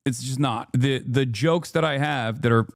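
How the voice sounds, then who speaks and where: A man rants scornfully and rambles through casual political commentary. The clip sounds dry and close, with a mid-pitched voice. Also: normal speed, gravelly, no echo. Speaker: political streamer. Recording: dry clip played from a stream.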